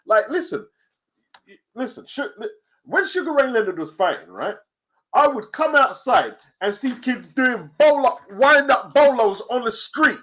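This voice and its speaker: A man's voice: very high-pitched, lively intonation, measured pace, fairly bright tone, dull audio. A middle-aged man on a boxing panel, ranting emphatically and acting out quotes over a video call. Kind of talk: heated casual panel chat.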